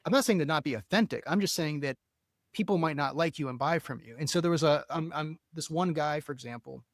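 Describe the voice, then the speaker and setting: A man's voice: fairly high pitch, fairly quick, dry recording, studio quality. A man from the Philadelphia area hosting a podcast, chatty and self-assured, rambling with many fillers. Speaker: podcast host. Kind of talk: casual interview talk.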